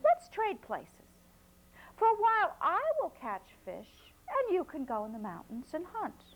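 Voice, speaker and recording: A storyteller voicing a cheerful young hunter in a folk tale, lifting into a brighter, eager voice. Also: male voice, very high voice, wildly swooping pitch, measured pace, voice pushed up, heavily acted, low-quality recording. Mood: earnest.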